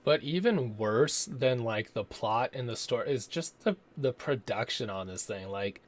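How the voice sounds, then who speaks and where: A man talking through a movie review in a relaxed, rambling way. He swears casually and keeps mimicking the people he describes. His voice sits in an ordinary middle register. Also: mid-range voice. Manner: rambling, profane, slips into mocking impressions.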